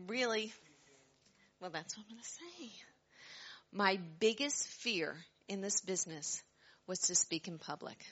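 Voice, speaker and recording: A woman's voice: mid-range voice, muffled recording. A middle-aged woman telling her story to an audience, acting out the voices of the people in it. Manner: animated storyteller, acts out quoted voices loudly.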